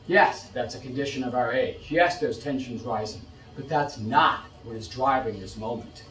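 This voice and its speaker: A man's voice: mid-range voice, moderate pace, distant mic. Middle-aged man lecturing in an echoey room. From United States. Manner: animated, rhetorical questions, repeats phrases. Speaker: policy expert giving a talk. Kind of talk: lecture to an audience.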